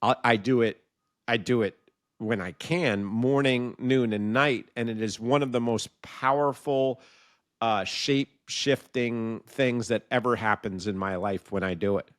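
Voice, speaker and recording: A podcast guest, a man with a mid-pitched voice, tells a story loosely and jumps up in pitch to act out its characters. The recording is dry and close. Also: unhurried, no echo. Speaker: guest, founder of a sobriety community. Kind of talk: casual podcast conversation.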